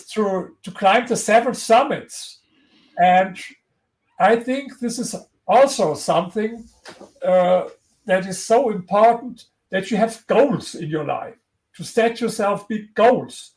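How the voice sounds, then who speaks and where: A man's voice: high voice, takes it slowly, a little mellow, poor audio. A man with a German accent, an interview guest talking earnestly and motivationally, often restarting his sentences. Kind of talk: conversational interview.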